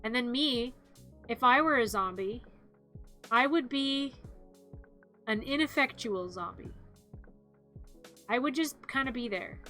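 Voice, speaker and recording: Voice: mid-range voice, animated, slow pace, long pauses, bright, forceful tone, faint music behind. A streamer chatting casually on a live stream, in a playful, giggly way, acting out zombie growls and screams.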